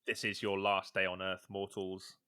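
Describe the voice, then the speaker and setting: A man co-hosting a casual gaming podcast, describing things bit by bit with plenty of pauses and ums. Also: low voice, completely flat delivery, sharp tone, clean tone. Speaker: podcast co-host.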